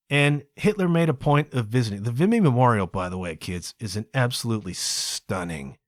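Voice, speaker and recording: Chatty, lively-voiced Canadian man. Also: medium pitch, no room sound, clean studio sound. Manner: chatty, digressive, tags lines with "okay?" and "kids". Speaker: podcast host. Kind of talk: casual solo podcast monologue.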